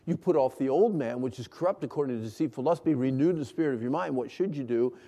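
Man preaching, middle-aged, gravelly voice, call-and-response, long hall reverb. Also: mid-range voice, lively intonation, quick pace. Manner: call-and-response, swinging from hushed to loud. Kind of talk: sermon to a congregation.

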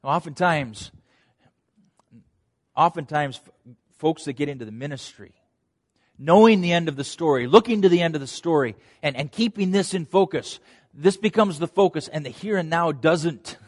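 A man's voice: a little high, lively intonation, normal speed. Emphatic male preacher in a reverberant hall. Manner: earnest, emphatic preaching that swings from loud to hushed. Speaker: pastor. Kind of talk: sermon.

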